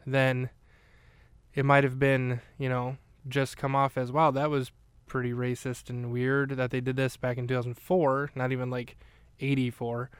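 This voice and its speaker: A man's voice: medium pitch, clear, resonant tone, no echo. A man hosting a podcast, recapping a film in casual, rambling chat full of fillers and restarts. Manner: rambling, chatty, with many fillers.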